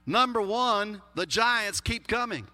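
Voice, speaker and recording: Slowly and with a pushed, bright, high-pitched voice, a man with a Texas accent preaches as pastor. He's folksy and emphatic, adding humorous asides, with long hall reverb on the recording.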